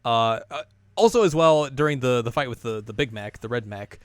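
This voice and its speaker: Brief: male podcast co-host, mid-pitched, loose filler-heavy storytelling, dry close mic. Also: brisk, no room sound. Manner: rambling, filler-heavy recap. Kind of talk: casual chat.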